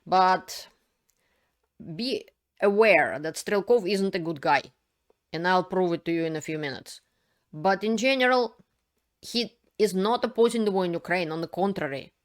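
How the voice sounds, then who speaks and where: A woman with a fairly low voice talks straight to her viewers as host of a political commentary channel. Her delivery is unscripted and a little halting, explaining each point as she goes in a casual spoken style.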